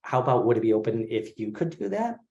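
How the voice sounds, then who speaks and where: A man in his forties teaching an online therapy class, talking in a relaxed, conversational way with many fillers over a video call. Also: medium pitch, quick pace, vocal fry, highs cut off. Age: 40s. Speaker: craniosacral therapy instructor. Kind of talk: casual online lecture.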